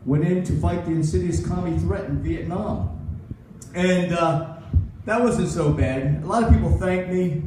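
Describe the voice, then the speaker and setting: A man's voice: on the high side, dark tone, a little hiss or hum. A man in his sixties doing a rambling, self-mocking stand-up set at a comedy club. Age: 60s. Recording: echoey club recorded from far off.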